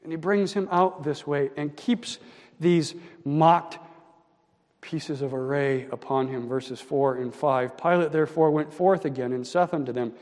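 Slow, dramatic preacher man in a reverberant hall. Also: on the high side, steady tone. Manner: slow and dramatic, swinging from loud emphasis to hushed near-whisper. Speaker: pastor. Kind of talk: sermon.

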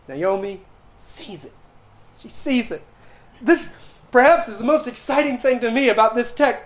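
Preacher giving an impassioned sermon. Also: male voice, extremely high pitch, lively intonation, moderate pace, rough recording. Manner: impassioned preaching with dramatic retellings of scripture. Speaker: pastor.

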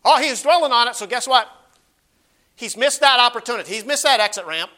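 Bright high-pitched preaching man. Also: animated. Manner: preaching with emphatic rises and hushed asides; reads scripture aloud in slow measured phrases. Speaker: pastor. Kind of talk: expository sermon.

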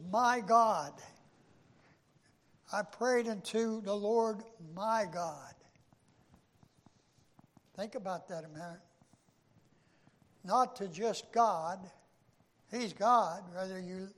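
An older man, a former pastor, preaching a sermon, slow and halting with frequent restarts and rising bursts of emphasis. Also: high voice, big-room sound.

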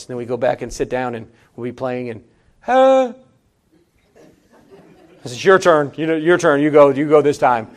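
High-voiced man preaching a sermon. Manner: conversational preaching with repeated phrases; swings between emphatic rises and low, quiet asides. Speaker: pastor.

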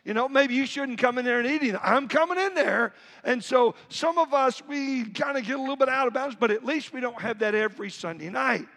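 A man's voice: very high voice, brisk, fairly bright tone. A pastor preaching a conversational sermon to his congregation, acting out everyday quotes as he goes. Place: church sanctuary. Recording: reverberant church hall.

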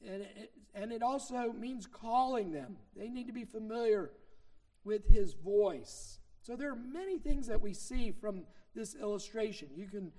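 A man's voice: high voice, moderate pace, hardly any pauses, darkish tone. A middle-aged man preaching a sermon as a minister, teaching in a conversational way with anecdotes and leaning hard on key points.

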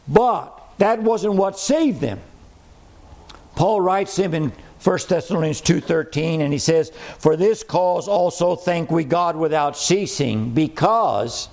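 A man preaching a sermon, emphatic, repeating key phrases and slowing down to read scripture. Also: a little high, vocal fry, darkish tone.

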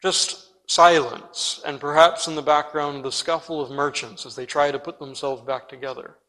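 A man preaching with an earnest, emphatic delivery, speaking straight to his congregation. His voice sits a little high for a man. A long reverb trails each phrase, as in a large church. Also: flat delivery, brisk, fairly bright tone. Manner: addresses listeners directly. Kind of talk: expository sermon.

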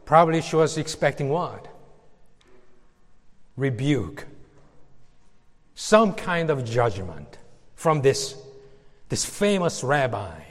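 A male preacher giving a sermon, slow and emphatic, with dramatic pauses. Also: mid-range voice, sing-song, long reverb tail.

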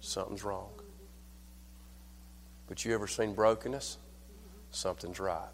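An older man preaching a sermon at a church service. He tells folksy stories, calls for amen, and swings from hushed lines to loud, fervent preaching. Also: on the low side, fairly even intonation, unhurried, in a large hall, slight background noise. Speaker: pastor.

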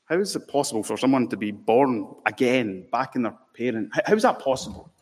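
A man preaching an expository sermon as pastor, emphatic, slowing down to stress key words. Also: medium pitch, animated, breathy edge. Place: church sanctuary. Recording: long reverb in a large hall.

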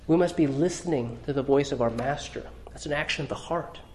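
A man's voice: a little high, a little fast, darkish tone, a little hiss or hum. A man preaching a sermon, earnest, often restarting his words as he speaks. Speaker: pastor.

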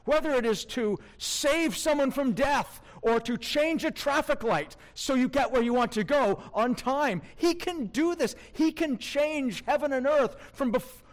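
A man's voice: very high-pitched, unhurried, hardly any pauses. A male preacher giving an emphatic sermon, asking his listeners rhetorical questions.

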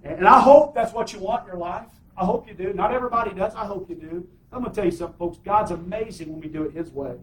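A pastor with a very high voice preaches emphatically and draws amens from the congregation. His voice carries through a roomy, echoey sanctuary. He is picked up from well back from the mic. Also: quick pace, few pauses, recorded from a distance. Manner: emphatic, call-and-response preaching. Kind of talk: sermon.

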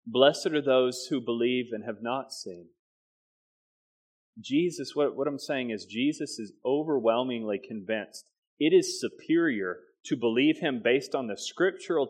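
Male pastor, mid-pitched voice, emphatic sermon delivery, slows to stress key words. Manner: emphatic preaching, quick asides with slow stressed phrases.

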